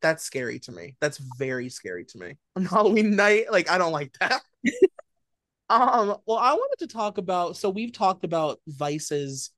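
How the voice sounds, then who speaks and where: A man co-hosting a casual pop culture chat, talking in an animated way and packing his sentences with filler words. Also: high voice, moderate pace, no echo, clean studio sound. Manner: chatty, many "like" fillers, animated storytelling. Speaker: podcast co-host.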